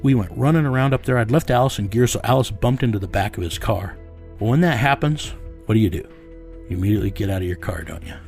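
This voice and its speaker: A man's voice: fairly low pitch, lively intonation, quick pace, creaky, a little mellow, faint music behind. A man bluntly telling his own story in a casual interview, often repeating words as he restarts. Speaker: bounty hunter guest telling his story.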